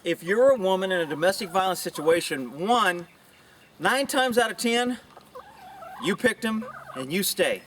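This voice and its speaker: A middle-aged police officer talks bluntly and opinionatedly to camera outdoors with chickens nearby, in a casual monologue full of rambling asides. His voice is expressive and fairly bright at a measured pace, somewhat far from the mic with slight background noise, and he puts on high mocking voices when quoting women.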